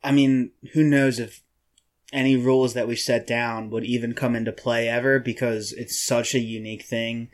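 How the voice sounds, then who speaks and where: A man's voice: medium pitch, little pitch movement, normal speed. A man co-hosting a podcast, chatting casually in a laid-back, hesitant way with dry humor. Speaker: podcast co-host.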